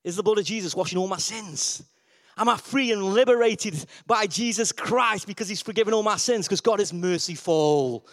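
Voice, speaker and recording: A man preaching a lively sermon, asking the congregation questions and repeating his key words for emphasis. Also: sits high, normal speed. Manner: call-and-response questions, emphatic repetition.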